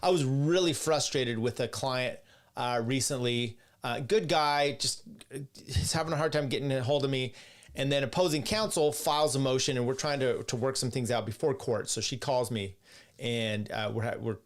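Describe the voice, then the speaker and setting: A man's voice: medium pitch, moderate pace. A man hosting a podcast, casually telling a worked-up story with lots of fillers and restarts. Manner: animated, worked-up retelling with many fillers. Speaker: podcast host.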